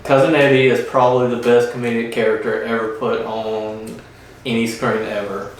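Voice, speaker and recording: A man co-hosts a casual movie chat, laid-back and measured, with a few "um"s. He sits back from the mic at a mid pitch, and the room echo is strong. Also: little pitch movement, distant mic, slight background noise. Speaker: co-host.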